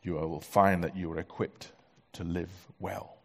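Male pastor, very low husky voice, measured sermon delivery, church hall reverb. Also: level tone. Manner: measured, emphatic repetition.

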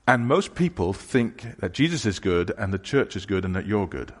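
Husky low-voiced preacher in a hall. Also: male voice, sing-song. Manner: conversational, halting with restarts, voices imagined questions. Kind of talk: sermon. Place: church hall. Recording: long hall reverb.

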